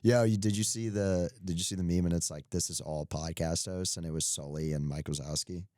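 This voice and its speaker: A young man with a deep, low voice talks through his weekly betting picks in a loose, joking way. He rambles, circles back, and pokes fun at himself. The sound is dry and close to the mic. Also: steady tone, fast talker, mellow, no room sound. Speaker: podcast co-host. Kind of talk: casual sports betting chat.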